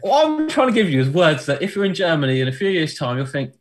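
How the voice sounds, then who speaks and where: A young man hosting a podcast quiz in a slightly raised voice. He laughs easily, bursts into quick rushed asides and jumps up and down in pitch as he teases his co-hosts. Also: big pitch swings. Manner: giggly and playful, with big pitch leaps and quick rushed asides. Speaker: podcast co-host running a quiz game. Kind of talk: casual podcast banter.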